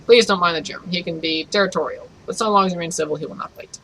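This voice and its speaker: A man's voice: high voice, racing, sharp tone, slight background noise, poor audio. A man reading the lines of a cultured, pleasant male mechanic with a faint Russian accent in his own voice. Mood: courteous. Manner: pleasant, polished and courteous.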